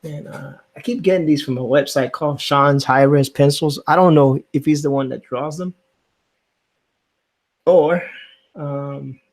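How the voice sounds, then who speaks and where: A man's voice: on the high side, unhurried. A man hosting a casual live stream, chatting easily and greeting viewers while he inks a drawing. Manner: relaxed, chatty, reads out viewer comments. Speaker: streaming host.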